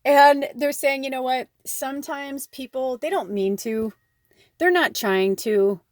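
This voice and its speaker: A tarot card reader with a high-pitched voice gives a reading in an unhurried, rambling, chatty style, swearing casually now and then. It's casual spiritual talk with no room sound.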